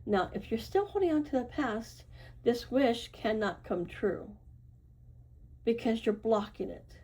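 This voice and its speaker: A woman's voice: fairly high pitch, animated, measured pace, dark tone, breathy edge, low-quality recording. A woman giving a casual tarot reading to her viewers, reassuring and chatty, often checking in with "right?" and "okay?". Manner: loose and chatty, with fillers and self-corrections. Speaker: tarot reader.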